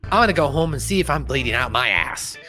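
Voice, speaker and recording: A man's voice: mid-range voice, quick pace, soft background music. A man casually recapping a cartoon episode, laughing and acting out lines from it. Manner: animated, laughing, acts out character lines. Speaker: podcast host.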